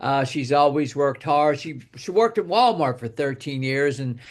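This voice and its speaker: A man's voice: on the high side, lively intonation, moderate pace. Rambling older man telling a story. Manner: rambling, repeats words, drops into quiet quoted asides. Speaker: guest speaker telling a testimonial. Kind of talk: casual storytelling.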